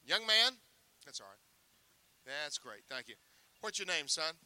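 A man doing sideshow magic patter on stage, teasing a volunteer with jokes. His voice sits high for a man and sounds very bright and forward. The sound is dry and close. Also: sing-song, a little slow, no echo. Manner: joking, teasing showman banter.

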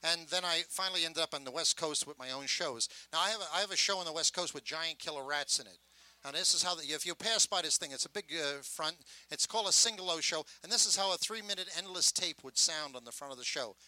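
An older man telling stories in a gruff, rambling, wisecracking way about his years as a sideshow showman. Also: a little high, quick pace, bright, forceful tone, no room sound, rough recording. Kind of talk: casual storytelling.

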